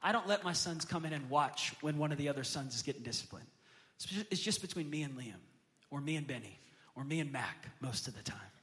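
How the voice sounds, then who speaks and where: A pastor in his thirties preaching a sermon to a congregation, building to loud impassioned peaks and acting out his children's voices in a story. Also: on the high side, lively intonation, a little fast. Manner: acts out quoted voices of his kids in storytelling. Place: church sanctuary with a congregation. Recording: long hall reverb from a church sanctuary.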